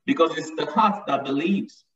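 Male preacher, emphatic sermon, somewhat high voice, echoey dull recording from a distance. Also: moderate pace, a crowd in the background. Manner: emphatic, repeats lines for stress.

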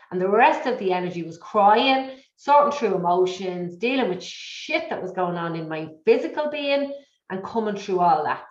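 A middle-aged woman speaking as an interview guest, telling her story in an emotional, repetitive, animated way. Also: medium pitch. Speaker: guest, business coach. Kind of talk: candid conversational interview. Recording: echoey, dull lo-fi audio.

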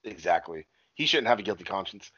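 A man's voice: low voice, lively intonation, a little fast, bright, forceful tone, slightly rough, dry recording, dull audio. A man in casual chat, retelling a movie plot with lots of swearing and acted-out quotes. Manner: profane, rambling storytelling with acted-out quotes. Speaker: podcast co-host recapping a movie.

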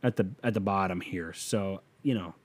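A deep-voiced man in his twenties hosts a casual podcast at normal speed. He reads out a listener's letter and gives advice in a rambling, profane, jokey style.

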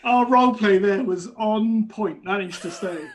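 Man, casual podcast chat, high voice, laughs and teases a lot. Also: unhurried, slight background noise. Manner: laughing, teasing, relaxed. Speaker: podcast co-host. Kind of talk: casual banter.

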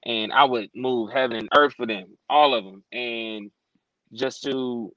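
A man's voice: medium pitch, a little slow, no echo. A man hosting an interview, speaking in a sympathetic, earnest way. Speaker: host. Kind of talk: interview conversation. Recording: dry, dull lo-fi sound.

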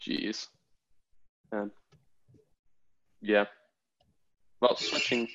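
Low-voiced young man hosting a podcast. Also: little pitch movement, extremely slow, a bit bright, muffled recording. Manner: steers the talk, explains at length. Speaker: podcast host. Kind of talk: casual podcast chat. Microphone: video call.

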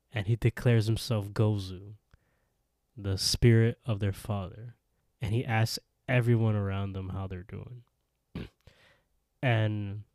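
Male podcast co-host, mellow low voice, dry close sound, lively retelling. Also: no echo. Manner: animated retelling with quoted voices. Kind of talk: casual episode recap.

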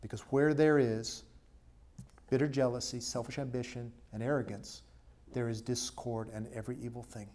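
Man preaching with emphatic rises and hushed lows. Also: level tone, moderate pace. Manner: asks the congregation questions. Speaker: pastor. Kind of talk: sermon and closing prayer.

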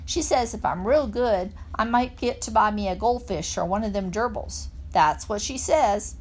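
A woman's voice: mid-range voice, normal speed, close to an everyday voice. Little girl nearly six, voiced by a woman reading aloud, earnest, chatty, folksy. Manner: rural Southern grammar, solemn.

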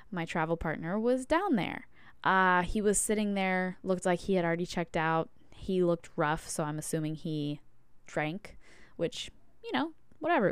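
A woman podcast host telling a personal story, candid and chatty with plenty of "like"s. Her voice sits a little low and is very smooth and clean. The sound is dry and close. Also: no echo. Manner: candid and chatty, many "like"s and fillers. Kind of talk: casual storytelling monologue.

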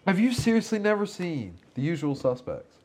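A man's voice: high voice, sing-song, normal speed, a little mellow. A man co-hosting a casual chat about movies, rambling and amused, laughing often.

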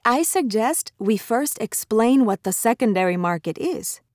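A woman's voice: on the high side, expressive, unhurried, a little mellow, dry recording, studio quality. A woman speaking in a scripted lesson dialogue, upbeat and making suggestions.

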